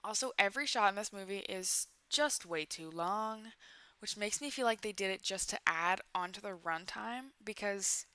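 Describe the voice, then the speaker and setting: A woman's voice: mid-range voice, normal speed, pushed and bright, faint music behind. A woman in her twenties hosting a casual comedy commentary about a bad movie, full of sarcastic, playful asides. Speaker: YouTube commentary host.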